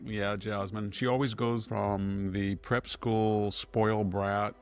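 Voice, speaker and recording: An older man offers unscripted political commentary in a measured, methodical way, working through his points with restarts and pauses. His voice is lowish and gravelly.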